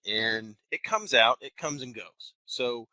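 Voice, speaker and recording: A man's voice: mid-range voice, takes it slowly, pushed and bright, no echo, poor audio. A man in his thirties from Texas with a faint Texan twang, hosting a live webinar from an office, talking conversationally and enunciating carefully. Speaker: wealth manager hosting a webinar. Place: office building.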